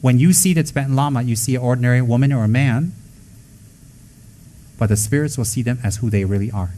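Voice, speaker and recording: A man giving a Buddhist dharma talk to students, blunt and scolding, with joking asides and quick acted-out quotes. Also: medium pitch, dark tone, a little hiss or hum, poor audio. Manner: acts out quoted voices. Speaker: Buddhist teacher.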